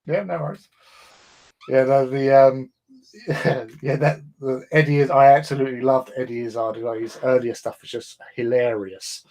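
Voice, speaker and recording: An English man hosts a livestream in a loose, rambling chat, often pausing on fillers. His voice sits at an ordinary middle pitch. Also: fairly even intonation, darkish tone. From England. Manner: rambling, chatty, many fillers. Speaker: livestream host. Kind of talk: casual chat.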